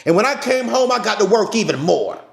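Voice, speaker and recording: A man hosting a live stream, talking loudly and passionately to his viewers in a preachy, repetitive way. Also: sits high, big pitch swings, fairly quick, creaky, echoey room. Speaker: channel host. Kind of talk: passionate livestream talk. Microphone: phone camera.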